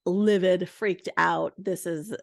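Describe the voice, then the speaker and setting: A woman in her thirties hosting a podcast, telling a story in a chatty, lively way. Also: fairly low pitch, slow pace, gravelly, no echo, clean studio sound. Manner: chatty, lively, full of "like" and "you know". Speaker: podcast host. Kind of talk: casual storytelling monologue.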